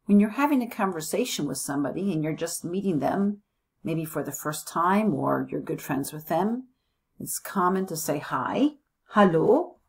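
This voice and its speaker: An American woman gives a recorded classroom lesson in a slightly low, breathy voice. She models each phrase slowly and carefully, then says it again for students to copy. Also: lively intonation. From United States. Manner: slow, careful modeling of phrases, repeating them. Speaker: teacher. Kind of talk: language lesson.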